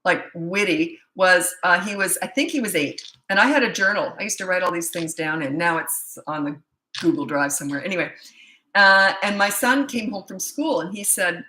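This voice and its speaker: A woman's voice: fairly low pitch, normal speed, sharp tone, roomy sound, a little hiss or hum, low-quality recording. A woman parenting coach answering questions in a blunt, chatty way that often breaks off mid-thought. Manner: blunt, chatty, self-interrupting. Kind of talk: casual live Q&A.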